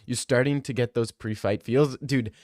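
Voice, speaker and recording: A young man streaming and chatting casually with viewers. He talks in excited, fast bursts and often repeats himself. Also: mid-range voice, no room sound, studio quality.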